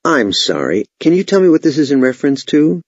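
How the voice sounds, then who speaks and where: A man's voice: a little high, sing-song, a little fast, slightly rough, dry recording, pitched above the performer's own voice. A man voicing a female executive assistant who screens calls with polite, guarded questions, in his own everyday voice. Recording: dull, lo-fi, dry sound.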